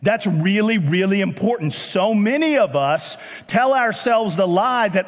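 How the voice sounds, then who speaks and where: A man with a Southern US accent preaching a sermon as pastor, animated, with joking asides and bursts of shouting. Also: high-pitched, a little slow, few pauses. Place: church auditorium. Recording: long church hall reverb.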